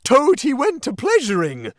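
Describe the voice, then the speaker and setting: A man voicing an excitable, vengeful male toad, yelling high and wild. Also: moderate pace, breathy edge, no echo, clean studio sound, exaggerated voice. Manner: frenzied, yelling.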